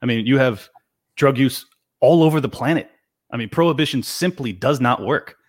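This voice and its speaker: A man's voice: mid-range voice, normal speed, no room sound, studio quality. A man in a political debate, passionate and pressing, firing challenging questions at his opponent.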